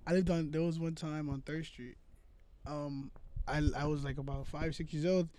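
A man with a somewhat raised voice talks casually with a friend. His delivery is animated and loose, and he peppers his story with swearing and "bro". It sounds like relaxed, unscripted chat. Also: fairly high pitch, normal speed. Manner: animated, swears a lot, says "bro" often.

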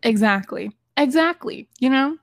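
A young woman co-hosting a podcast in casual chat, playful and teasing, with dry sarcastic humor. Her voice is a touch higher than most women's. The close mic sounds dry, with no room around it. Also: expressive, unhurried, no echo. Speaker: podcast co-host.

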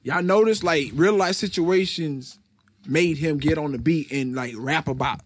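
A man co-hosting a casual chat, excitable and jokey. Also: a little high, measured pace.

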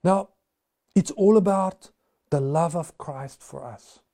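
A man's voice: on the high side, takes it slowly, vocal fry, warm tone. A male pastor preaching a sermon, telling stories in a conversational way with frequent restarts.

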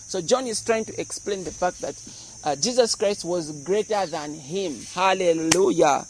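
Pastor, high male voice, lively teaching sermon with jokes, faint background hum. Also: moderate pace, low-quality recording. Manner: animated, explains verses with humor and acted-out voices.

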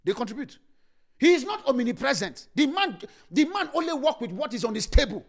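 A male preacher delivers a sermon in a high, animated voice. He repeats key lines for emphasis and swings from loud declarations to hushed asides. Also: fairly quick. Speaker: pastor.

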